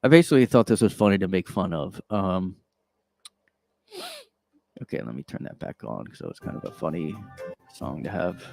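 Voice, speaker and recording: A man's voice: low-pitched, sing-song, a little fast, creaky, pauses often, music in the background. A man hosting a solo podcast from his own room, rambling through casual commentary in a sarcastic tone with lots of filler words. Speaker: podcast host.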